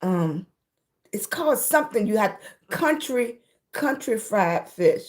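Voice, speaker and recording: Middle-aged woman, casual livestream chat, talking from her room, greets viewers warmly by name, medium pitch. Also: expressive, takes it slowly. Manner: chatty, greets viewers by name, calls them baby. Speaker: livestream host.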